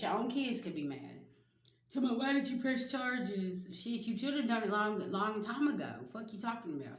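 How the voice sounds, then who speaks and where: A woman's voice: mid-range voice, roomy sound, a little hiss or hum. A woman giving a casual spiritual reading to her viewers, blunt and emphatic, swearing freely and speaking straight to them. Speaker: spiritual reader.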